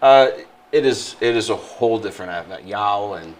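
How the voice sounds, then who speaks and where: A man's voice: fairly low pitch, darkish tone. Midwest guy rambling on a podcast, jokey, a bit of hiss behind. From Illinois, Midwest. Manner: joking, rambling, does quick mock accents. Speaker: podcast co-host. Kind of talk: casual banter.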